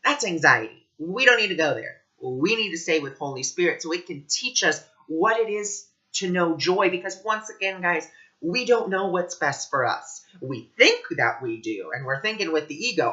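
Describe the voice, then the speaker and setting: A man giving a casual spiritual talk, earnest and animated, acting out the people in his stories. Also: high voice, moderate pace, lo-fi sound. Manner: earnest, animated storytelling with quoted voices. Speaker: spiritual teacher.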